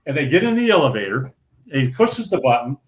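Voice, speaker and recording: A man's voice: mid-range voice, quick pace. An older man from St. Paul, Minnesota, a podcast guest telling a casual story with laughs and restarts. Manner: animated, laughing anecdote-telling with many restarts. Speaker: podcast guest, former pro bowler. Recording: roomy echo.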